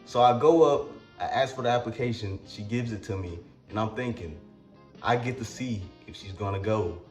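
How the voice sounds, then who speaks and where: A man telling a comic personal story in a casual, crude, slangy way with halting restarts. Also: lowish voice, reverberant, faint music behind.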